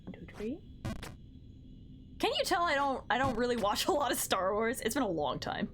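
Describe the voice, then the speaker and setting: Young female streamer, high and very animated, playful chat with viewers, counts her moves out loud. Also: normal speed, slight background noise. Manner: counts her jumps aloud, bubbly, talks back to chat. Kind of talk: casual live game-stream chat.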